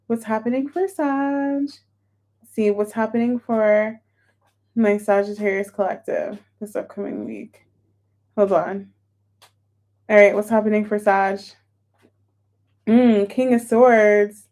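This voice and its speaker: A woman's voice: mid-range voice, slow, pauses often, darkish tone. A woman reading tarot cards for viewers in a chatty, emotional, exclamatory way. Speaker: tarot reader.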